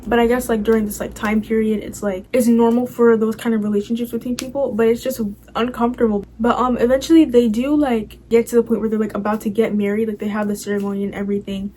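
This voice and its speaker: A woman's voice: on the high side, little pitch movement, fast talker, few pauses, dark tone, a little hiss or hum, rough recording. A young woman casually recapping a TV show, rambling and filling her talk with "like" and "you know".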